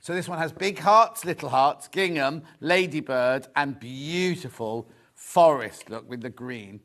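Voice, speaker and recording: A man's voice: a little high, measured pace, a bit bright. A man presenting a live shopping show, chatty and gushing, repeating his phrases as he shows off fabrics. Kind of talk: live sales chat.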